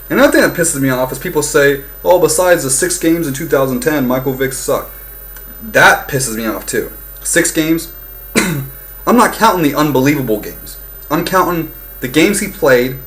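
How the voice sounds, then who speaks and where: A young man ranting casually about football, heated and profane, swinging between loud outbursts and low muttering. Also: big pitch swings, normal speed, rough recording. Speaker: fan vlogger. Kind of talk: casual sports rant.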